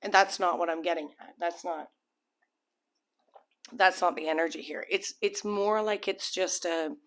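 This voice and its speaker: Speaking a little slowly in a fairly low, steady voice, this tarot reader rambles casually through a reading to camera. Her talk is full of fillers and false starts, and she sometimes voices the imagined thoughts of other people.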